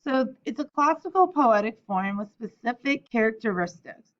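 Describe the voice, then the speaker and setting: A woman's voice: a little high, lively intonation, normal speed. Friendly woman teacher, slightly dull recording. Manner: friendly, explanatory, casual asides. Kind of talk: recorded lesson for students.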